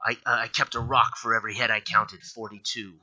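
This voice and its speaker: A man voicing a wounded, grief-stricken male soldier who speaks in halting, broken phrases, in a dull lo-fi recording. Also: on the low side, flat delivery, pushed and bright, a little hiss or hum. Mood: shaken.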